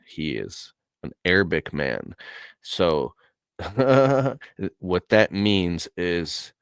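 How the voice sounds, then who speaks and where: Earnest low-voiced man. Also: clear, resonant tone, no echo. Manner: earnest and emotional, with casual slang. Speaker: podcaster telling a personal story. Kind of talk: casual heartfelt talk.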